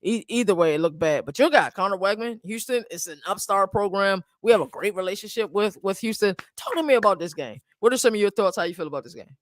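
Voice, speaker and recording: A man's voice: high-pitched, expressive, fast, few pauses, no room sound, studio quality. A man hosting a casual sports podcast, leading the topics in a laid-back, agreeable way. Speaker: podcast host.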